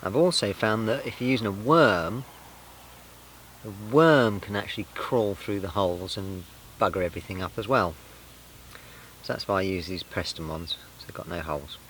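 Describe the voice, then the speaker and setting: A man's voice: lowish voice, normal speed, fairly bright tone, a little hiss or hum, low-quality recording. Chatty angler man by the water. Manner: chatty, self-deprecating, explains tackle step by step. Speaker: angler vlogger. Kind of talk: casual outdoor fishing vlog. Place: outdoors by a fenland lake.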